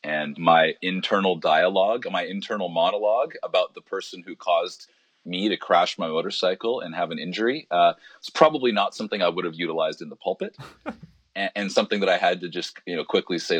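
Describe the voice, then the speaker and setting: A pastor from Canada talking in a relaxed, thoughtful way with many restarts on a conversational podcast. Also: male voice, sits low, a little fast, breathy edge, dry recording.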